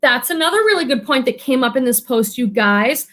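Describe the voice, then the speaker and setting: A woman's voice: high voice, lively intonation, fairly quick, a bit bright. A woman who resells thrifted goods online, chatting casually on a livestream and reading viewer comments aloud.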